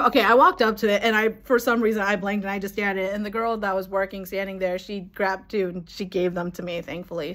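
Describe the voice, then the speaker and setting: Young woman vlogger, excited and rambling, casual storytelling with fillers. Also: medium pitch. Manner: gushing, laughs and swears, rambling with fillers.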